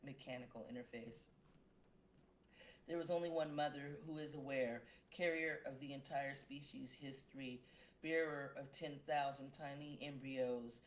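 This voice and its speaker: Woman slowly reading her dark poetry. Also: extremely low pitch, a little hiss or hum, poor audio. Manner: slow, measured reading with brief casual asides between poems. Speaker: poet reading own work. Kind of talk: live-streamed poetry reading.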